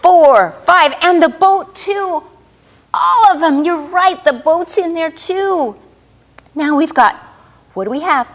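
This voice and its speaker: A woman reading a picture book aloud to young children as storyteller, asking them questions as she goes. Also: very high voice. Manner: animated, asks children questions often; drawn-out sing-song rhyming delivery.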